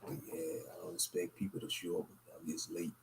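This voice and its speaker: A man hosting a casual late-night livestream, talking in a low-key, monotone, rambling way and sounding tired and worn out. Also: brisk, creaky, slight background noise. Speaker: livestream host.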